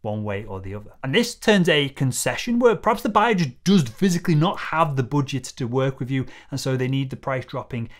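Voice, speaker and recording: A man's voice: mid-range voice, big pitch swings, a little fast, few pauses. Confident man coaching on sales. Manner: confident, coaching, acts out buyer and seller exchanges. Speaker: sales trainer. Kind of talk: scripted sales tutorial to camera.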